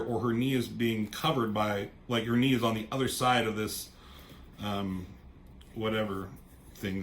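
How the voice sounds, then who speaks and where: A man's voice: medium pitch, fairly bright tone, a little hiss or hum. A man reviewing a comic book in casual, rambling chat, swearing offhandedly and trailing off into asides.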